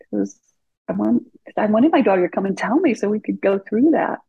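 A woman, a parent coach and therapist, talking in a lively way as a podcast guest and acting out dialogue from her own stories. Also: mid-range voice, fairly quick, gravelly, slightly rough, dry recording. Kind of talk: conversational podcast storytelling. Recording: slightly dull, muffled audio.

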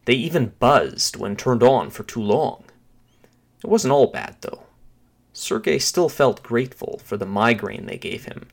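A man with a low, gravelly voice narrating an audio short story. He keeps a dry, steady storytelling delivery.

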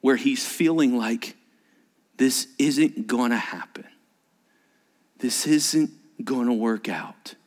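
A man preaching as pastor at a church service. His delivery is animated, swinging between emphatic points and hushed, whispered asides. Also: medium pitch, takes it slowly, pauses often. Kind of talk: sermon.

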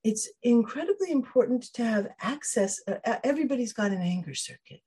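A woman's voice: on the high side, expressive, brisk, mellow, breathy edge. A woman guest on an interview podcast, explaining ideas thoughtfully with frequent restarts and quoted inner voices. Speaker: podcast guest, emotional wellbeing trainer.

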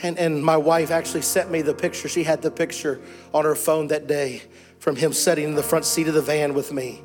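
A man's voice: fairly high pitch, fairly even intonation, brisk, soft background music. A man preaching a sermon as a missionary, telling a story with mounting fervor. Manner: impassioned storytelling, rising to fervent preaching.

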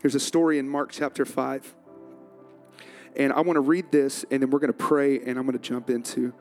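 A man's voice: medium pitch, flat delivery, moderate pace, a little mellow, soft background music. A male pastor preaching a sermon, telling a self-mocking story with frequent laughter.

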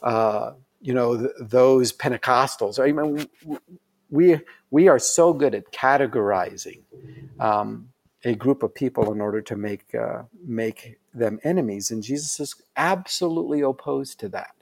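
A man's voice: mid-range voice, moderate pace, vocal fry, darkish tone. A middle-aged man telling a story in casual conversation, rambling with lots of fillers and restarts. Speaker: guest.

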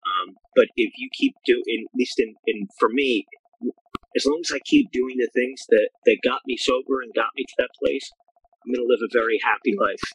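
Husky, halting man sharing at a meeting. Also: medium pitch, a bit bright, no room sound, rough recording. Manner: halting and heartfelt, with frequent restarts and fillers. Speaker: AA group chair. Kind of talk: personal recovery share on a video call. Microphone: video call.

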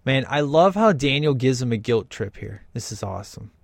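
Host, male, eager watch-along commentary, mid pitch, dry close sound. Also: normal speed, gravelly, no echo. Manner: excited, enthusiastic, imitates characters. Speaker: host reacting to a film.

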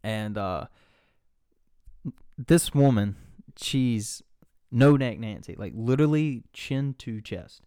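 A man's voice: mid-range voice, animated, slow, long pauses, warm tone, clear, resonant tone, dry recording, studio quality. A man telling a rambling story in casual podcast chat, full of "like"s. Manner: rambling, laid-back storyteller with many "like"s.

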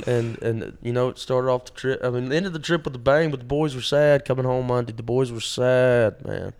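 A man's voice: medium pitch, a little mellow, clean tone. A man, co-hosting a podcast and telling rambling stories with plenty of fillers. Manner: rambling, drawn-out storytelling with many fillers. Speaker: podcast co-host. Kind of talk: casual storytelling chat.

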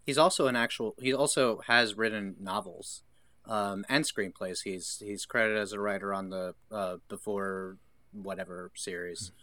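A man's voice: lowish voice, steady tone, moderate pace, pushed and bright, dry recording. A man co-hosting a casual film discussion, thoughtful and digressive, acting out quoted lines. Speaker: podcast co-host.

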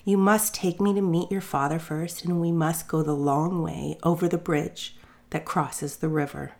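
A woman's voice: low voice, steady tone, moderate pace, creaky, darkish tone. A woman voicing a dainty enchanted mouse bride. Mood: gentle. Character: dainty enchanted mouse bride, young female, gentle and poised.

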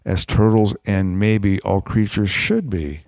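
A man with a lowish voice reads a bedtime story aloud in a playful way, dropping deadpan jokes between lines. The sound is very dry and close. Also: takes it slowly, no echo.

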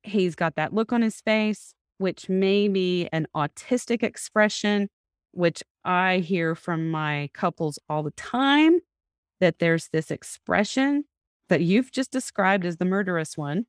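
A woman's voice: lowish voice, expressive, a little slow, clear, resonant tone, no echo, studio quality. A woman hosting a podcast, coaching a couple step by step and repeating back what she hears from them. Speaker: couples therapist and podcast host.

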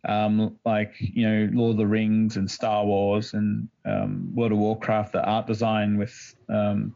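A man answering as a podcast guest, thinking aloud with plenty of ums and pauses. His voice sits low and comes through muffled and dull. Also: gravelly, a little mellow. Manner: hesitant, lots of ums. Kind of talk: casual interview answer.

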